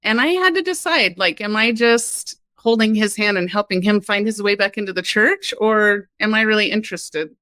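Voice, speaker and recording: A woman from Kansas, a podcast guest, telling her personal story in a lively, candid way with laughs and frequent "like". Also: medium pitch, normal speed, few pauses, dry recording. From Kansas, United States.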